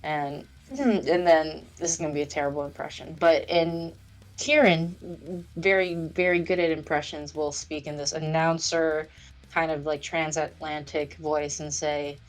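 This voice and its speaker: A woman's voice: sits low, steady tone, unhurried. Rambling hesitant woman gamer. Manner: rambling, hesitant with many fillers. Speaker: player. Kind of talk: casual tabletop game chat.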